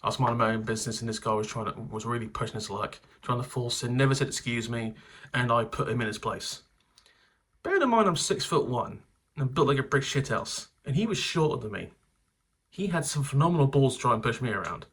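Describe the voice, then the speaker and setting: A man's voice: medium pitch, lively intonation, brisk, a bit bright. A man hosting his channel, telling rambling stories, swearing and laughing at himself. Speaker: channel host. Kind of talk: casual anecdotal vlog.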